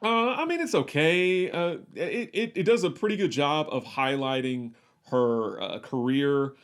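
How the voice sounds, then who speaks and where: A man's voice: a little high, animated, a little slow, smooth. A man co-hosting a movie podcast, chatting casually in a rambling, wry way and often correcting himself mid-sentence. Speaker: podcast co-host.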